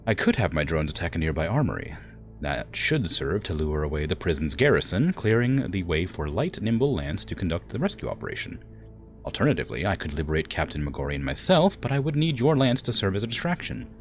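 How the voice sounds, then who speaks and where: A man voicing an ancient male AI weapons platform, calm and formal, in a smooth put-on generic English accent. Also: deep voice, brisk, faint music behind. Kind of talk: reading game dialogue aloud.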